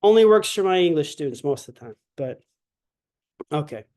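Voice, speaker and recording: A man's voice: a little high, lively intonation, moderate pace, warm tone. A man teaching an online language lecture, chatty and digressive, with many fillers, who acts out sounds to show them. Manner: demonstrates sounds by exaggerated voicing. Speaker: language instructor.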